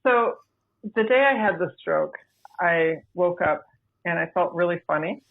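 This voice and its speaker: A woman, a podcast guest, telling her own story in a measured, deliberate way over a remote line. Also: on the low side, animated. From United States. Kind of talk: personal storytelling. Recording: tinny phone-like remote line.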